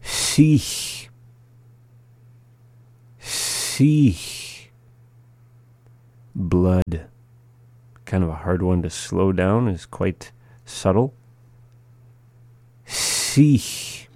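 A man with a very low, mellow voice leads a language lesson. He speaks very slowly and patiently, repeating each word so listeners can follow. The sound is close and dry. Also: no room sound. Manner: slow, patient, repeats words for practice. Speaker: language teacher. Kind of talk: slow spoken language lesson.

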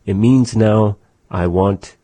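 Slow, deep-voiced man teaching a language on radio. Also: mellow, no room sound. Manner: slow, patient, repeats phrases. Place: radio studio.

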